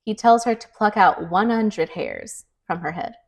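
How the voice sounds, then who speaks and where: A woman's voice: medium pitch, unhurried. Chatty woman recapping a book. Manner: chatty, animated storyteller, many "like" fillers. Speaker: podcast co-host. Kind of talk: casual book recap chat.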